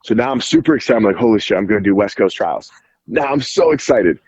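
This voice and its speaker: A man guesting on a podcast, telling an animated story in casual speech full of "like" fillers and casual swearing. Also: fairly low pitch, fast talker, dull audio, slight background noise. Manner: animated, heavy "like" fillers, acts out quoted dialogue, swears casually. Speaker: podcast guest, jiu-jitsu referee.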